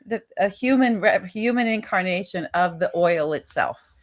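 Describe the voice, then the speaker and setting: A woman's voice: lowish voice, lively intonation. An American woman hosting a podcast, chatting casually and agreeing readily with her guest. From United States. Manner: conversational, quick to agree. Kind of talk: casual chat.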